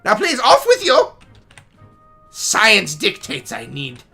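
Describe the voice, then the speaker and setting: A stuffy male alchemist of a fantasy game speaks in a thick German accent, put on by a gamer reading the dialogue aloud. He lectures in formal, self-important phrases, and his voice is bright and lively, rising and falling widely. Faint music plays underneath. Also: mid-range voice, slow, vocal fry, slightly rough, pitched above the performer's own voice, full character voice. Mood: pompous.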